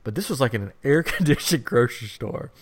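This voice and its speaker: A man's voice: mid-range voice, lively intonation, a little fast, noisy background. A man in his thirties, a podcast co-host, telling a rambling anecdote in casual chat with frequent laughs.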